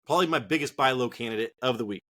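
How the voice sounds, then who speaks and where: A man's voice: mid-range voice, very fast, fairly bright tone. Blunt, cursing man co-hosting a chat. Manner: blunt, swears casually, hesitant fillers. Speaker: co-host. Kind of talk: casual podcast chat.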